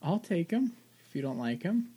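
A man's voice: a little high, sing-song, normal speed, warm tone, husky. A man co-hosting a podcast and playing a tabletop game, easygoing and questioning. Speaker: podcast co-host. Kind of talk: casual play and podcast outro.

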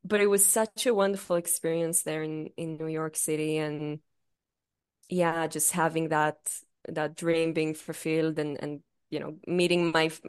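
A young woman co-hosting a podcast, with a voice that sits a little low. She tells stories in a loose, casual way. She swears freely and laughs often. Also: flat delivery, normal speed, clear, resonant tone. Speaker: podcast co-host. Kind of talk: casual chat.

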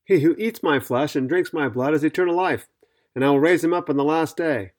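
A man's voice: on the high side, brisk. A man teaching on a podcast Bible study, reading scripture aloud and explaining it in an earnest, methodical way.

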